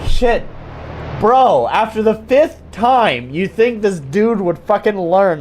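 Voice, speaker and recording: A man's voice: sits high, animated, slow, slight background noise. A man streaming a game, giving casual gaming commentary while swearing and laughing at how janky it is.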